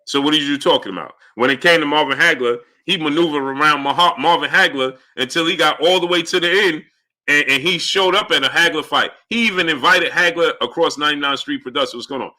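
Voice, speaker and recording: With a slightly high, bright and forceful voice, this man hosts a livestream and answers his chat. He rattles off quick greetings to viewers by name, then launches into lecturing, heated arguments with them.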